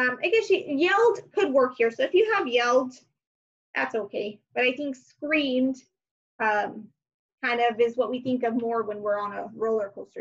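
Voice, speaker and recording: A woman teacher with a somewhat high voice guides young children through their homework, thinking out loud with soft hums and filler words. The recording sounds slightly dull and lo-fi.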